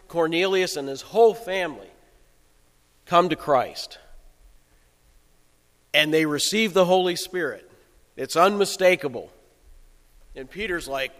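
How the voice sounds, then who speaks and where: A male pastor giving a sermon in a relaxed, conversational storytelling way. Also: on the high side, unhurried, long pauses, big-room sound.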